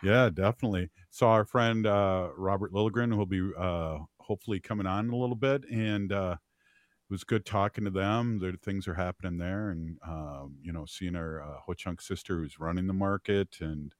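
A man's voice: deep voice, normal speed, dry recording. A man hosting a community radio show, chatting casually with many fillers and easy laughs. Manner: rambling, filler-heavy, laughs easily. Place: radio studio.

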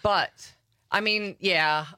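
A woman from Wisconsin, a guest on a radio show, chatting in a quick, sarcastic way. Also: medium pitch, sharp tone, clean tone, dry recording. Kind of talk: casual radio chat.

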